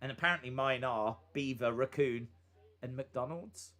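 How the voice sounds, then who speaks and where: A man's voice: medium pitch, normal speed, pushed and bright. A man hosting a live reaction stream, chatting casually and rambling with fillers and asides between moments of commentary.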